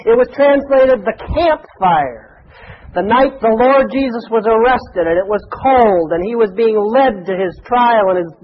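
A man's voice: high voice, muffled recording, slight background noise. A man preaching a sermon to a congregation in a folksy, conversational way, with chatty asides. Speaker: pastor.

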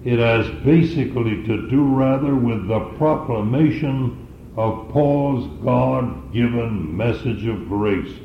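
A man preaching a sermon, teaching scripture in a slow, deliberate way. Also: medium pitch, echoey room, highs cut off, a little hiss or hum.

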